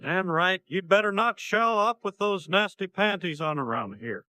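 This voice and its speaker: A blunt small-town dad. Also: male voice, high voice, animated, normal speed, bright, forceful tone. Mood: plain. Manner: blunt, plain-spoken. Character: gruff middle-aged small-town dad. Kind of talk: synthetic parody cartoon voice.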